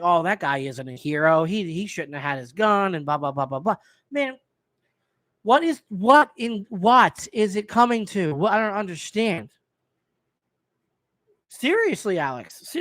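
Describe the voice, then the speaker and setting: A man's voice: high-pitched, a bit bright, no echo. A man hosting a live stream, ranting in a heated way and swearing freely. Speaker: host.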